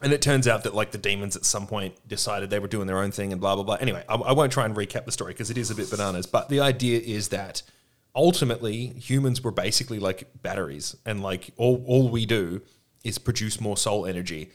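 A man co-hosting a podcast, talking in casual, animated, rambling chat and swearing freely. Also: lowish voice, fast talker. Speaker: podcast co-host.

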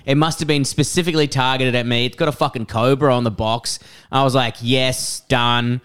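A young man co-hosting a casual podcast, telling animated, sweary stories. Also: mid-range voice, moderate pace, clear, resonant tone. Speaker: podcast co-host. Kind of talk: casual chat.

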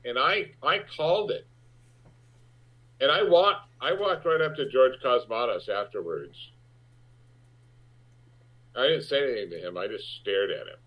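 Animated man telling a story. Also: mid-range voice, unhurried, pauses often. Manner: animated, profane anecdote-telling with acted-out quotes. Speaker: actor guest. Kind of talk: storytelling interview. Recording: dull lo-fi sound.

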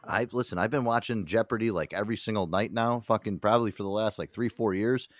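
Ranting low-voiced man swearing through a chat. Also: fast, dry recording. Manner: ranting, heavy swearing, mocking asides. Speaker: podcast host. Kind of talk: casual profane chat.

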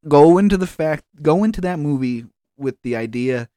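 A man's voice: a little high, expressive, normal speed, warm tone, no room sound. A man co-hosting a casual movie podcast, making wry, dry comments and sighing. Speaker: podcast co-host. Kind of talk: casual chat.

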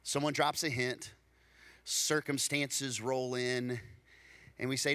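A man preaching a storytelling sermon, animated, acting out dialogue and repeating words when excited. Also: medium pitch, slow pace, long pauses. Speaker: pastor.

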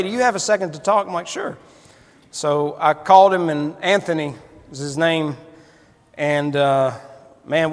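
A man preaching a sermon, telling a folksy story and building to fervent emphasis. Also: fairly high pitch. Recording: long hall reverb.

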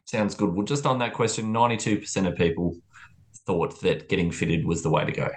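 A man with a low voice joins a casual podcast chat. He speaks in short replies, agreeing and adding quick questions. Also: fairly even intonation. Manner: brief agreeing interjections.

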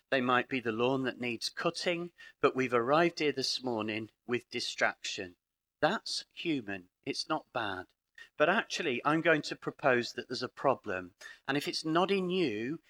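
A man's voice: medium pitch, a bit bright. A middle-aged British man speaking at a live conference in a parish hall, telling stories with dry humour and acting out the dialogue. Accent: British English. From Britain. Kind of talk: lively live conference talk.

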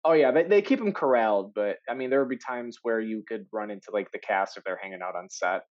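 Man, casual podcast guest, low voice, animated anecdotes, dull recording. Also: fast talker. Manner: animated storyteller, laughs often, many fillers. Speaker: actor guest.

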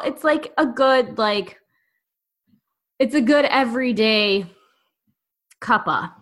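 A woman's voice: a little high, lively intonation, slow, pauses often, fairly bright tone. An American woman co-hosting a podcast, chatting casually and playfully and laughing often. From United States. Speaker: podcast co-host. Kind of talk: casual chat.

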